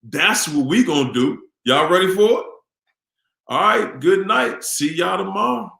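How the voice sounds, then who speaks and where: A man hosts a casual live stream in a relaxed, upbeat way, calling out viewers' names. His voice sits somewhat high for a man. The room around him is echoey. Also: a little slow, vocal fry.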